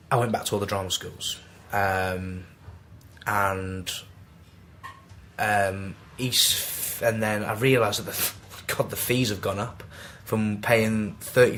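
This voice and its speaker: A man's voice: lowish voice, slight background noise. Mancunian young man telling stories. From Manchester, England. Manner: animated, acts out quoted dialogue. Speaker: podcast guest, actor. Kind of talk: casual anecdotal storytelling.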